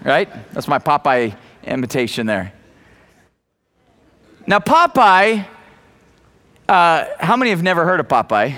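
High bright-voiced male preacher. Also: very animated, unhurried, pauses often. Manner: emphatic, repeats key phrases, calls on the congregation. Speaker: pastor. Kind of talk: sermon.

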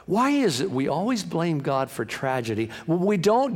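A man preaching a sermon as pastor, impassioned, swinging between hushed and loud passages. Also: fairly high pitch, big pitch swings, normal speed, hardly any pauses. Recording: long hall reverb.

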